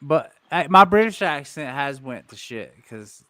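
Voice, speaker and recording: Guy streamer chatting loose, smooth clean voice, keeps losing his thread. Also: a little high, animated, measured pace, a bit bright, dry recording. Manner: rambling, loses his train of thought. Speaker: stream host. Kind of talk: casual stream chat. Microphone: streaming setup.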